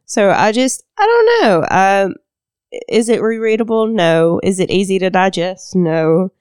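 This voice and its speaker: Give me a woman podcast co-host with a smooth, resonant voice, recorded dry. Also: medium pitch, big pitch swings, measured pace, darkish tone, no room sound. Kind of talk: casual chat.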